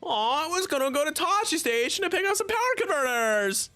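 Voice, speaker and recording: Guy squeaking out a whiny teen farm boy, way up high and loud, complaining. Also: very animated, brisk, soft background music, full character voice. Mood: whining. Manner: whining.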